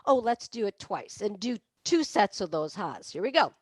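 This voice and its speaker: A woman's voice: medium pitch, sing-song, moderate pace, few pauses, breathy edge, dry recording. A woman leading a singing lesson on breathing, demonstrating with barks, meows and sung laughs. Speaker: vocal coach. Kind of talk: online voice lesson.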